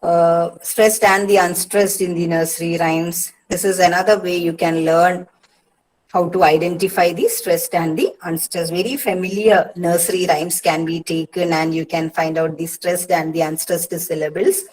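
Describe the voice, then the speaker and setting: A woman with an Indian English accent giving a patient lecture to students, often pausing with "uh" and "see" and repeating key points. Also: fairly low pitch, steady tone, darkish tone, low-quality recording. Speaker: English literature teacher. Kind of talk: online lecture on poetic meter.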